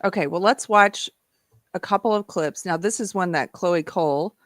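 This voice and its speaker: A woman's voice: fairly low pitch, normal speed, dry recording, studio quality. A woman from Texas hosting a live online panel, talking casually with many restarts and laughs. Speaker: host.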